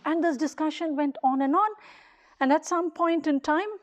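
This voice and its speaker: A woman's voice: high-pitched, steady tone, normal speed, muffled recording. A woman who leads a daycare, giving an earnest public talk in short, emphatic, repeated phrases. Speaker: daycare leader.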